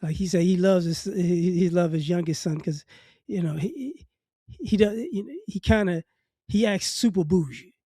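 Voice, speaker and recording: A man's voice: high-pitched, moderate pace, warm tone, slightly rough, no room sound, clean studio sound. A man from New Orleans with faint traces of a Southern accent, giving a blunt, casual opinion monologue and often repeating words as he builds a point. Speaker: commentary vlogger.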